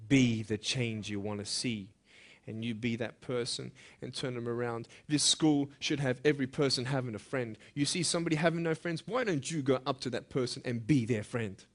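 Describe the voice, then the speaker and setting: A young adult man giving an earnest, emphatic motivational speech to students, moving between hushed and loud passages. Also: mid-range voice, normal speed. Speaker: motivational speaker.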